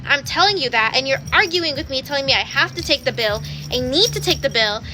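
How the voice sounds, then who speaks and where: A woman's voice: high-pitched, lively intonation, a little fast, music in the background. A woman working in retail, ranting to camera in a frustrated, scolding way. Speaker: retail worker. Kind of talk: to-camera rant.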